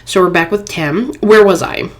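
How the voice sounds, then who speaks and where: A woman hosts a playthrough of a phone game on her gaming channel, reading chat messages aloud in a playful, chatty manner. Her voice is mid-range and her pace is normal.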